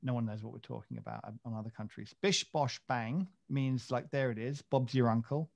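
A man's voice: mid-range voice, moderate pace, gravelly, lo-fi sound. A man co-hosting a podcast in casual chat, rambling and self-mocking, with many fillers and restarts. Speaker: podcast co-host.

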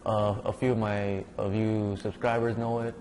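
A man's voice: lowish voice, flat delivery, moderate pace, a little mellow, a little hiss or hum. A young man giving casual, rambling commentary over a zombie game. He mumbles under his breath, curses at the game and sounds sleepy. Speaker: gaming YouTuber.

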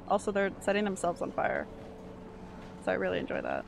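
A woman's voice: mid-range voice, sing-song, fairly quick, gravelly, over music. A woman streaming a game live, giving an anxious running commentary full of swearing.

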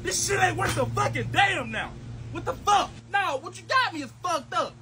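A man's voice: extremely high pitch, lively intonation, moderate pace, noisy background. A man playing a fed-up guy who grumbles and curses about a broken weed eater. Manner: grumbling, profane.

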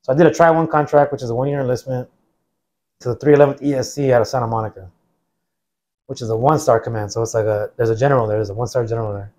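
A very fast, medium-pitched man in his forties, an American veteran guest, tells his story off the cuff. He drifts from point to point, says "like" over and over, and imitates the people he quotes.

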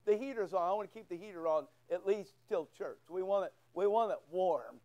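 A man's voice: high-pitched, fairly quick, warm tone, lo-fi sound. A male pastor preaching a sermon in church, telling a folksy story and acting out both sides of a conversation. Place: church sanctuary.

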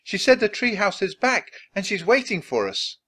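A man reading aloud and voicing an excited, eager young girl who talks enthusiastically. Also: high-pitched, normal speed, slightly rough, pitched above the performer's own voice, exaggerated voice. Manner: breathless, enthusiastic.

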